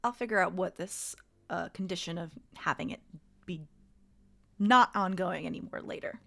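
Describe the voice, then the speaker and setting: A woman running a tabletop role-play game, describing scenes in a slow, measured way. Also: fairly low pitch, vocal fry, pushed and bright. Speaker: game master.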